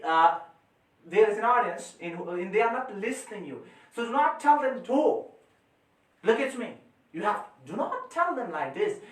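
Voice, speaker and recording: A man lectures his students with forceful energy, swinging his voice up and down and repeating his points. He sounds a little distant from the microphone. The classroom around him rings with echo. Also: sits high. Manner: emphatic, repeats phrases, forceful rises and drops. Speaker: teacher. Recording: echoey room, mic far off.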